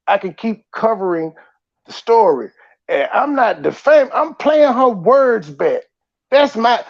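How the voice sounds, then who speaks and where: A man hosting a casual livestream, ranting in animated, profane bursts and laughing at himself. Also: sits high, dull audio. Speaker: host.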